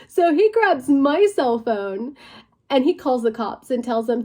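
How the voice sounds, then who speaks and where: A woman's voice: a little high, expressive, takes it slowly, a little mellow. A young woman vlogging, telling a personal story in a casual, conversational way, full of fillers, sometimes dropping to a near whisper. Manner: conversational, many fillers, drops to a near whisper at tense moments.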